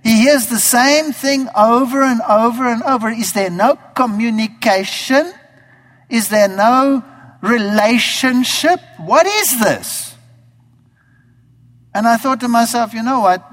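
Man from Germany telling his conversion story; lively, acts out past thoughts, pitched high, long hall echo. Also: takes it slowly. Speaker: speaker giving a testimony. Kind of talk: spoken testimony. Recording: hall reverb.

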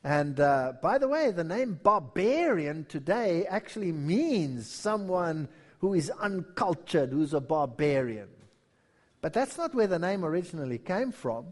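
A man's voice: on the high side, sing-song, a little slow. A man preaching a history sermon, telling the story with animation and acting out the quotes. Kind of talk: sermon-style history lecture.

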